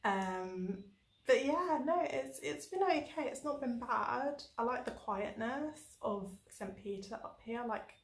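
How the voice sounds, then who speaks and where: A woman's voice: on the high side, takes it slowly, echoey room. A woman from England chatting casually in a travel diary vlog, telling stories with lots of fillers. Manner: chatty, animated storytelling with many fillers. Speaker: travel vlogger.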